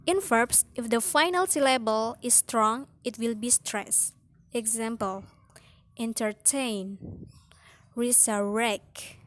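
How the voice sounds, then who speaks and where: Slow, careful woman teaching phonetics. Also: on the high side, a bit bright, dry recording. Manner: slow, careful reading of rules with drawn-out example words. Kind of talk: phonetics lesson.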